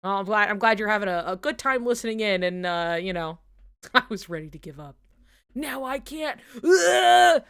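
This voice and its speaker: A woman's voice: mid-range voice, a little fast, fairly bright tone, smooth. A woman streamer chatting casually during a watch-along, rambling with lots of fillers, swearing and frequent laughter.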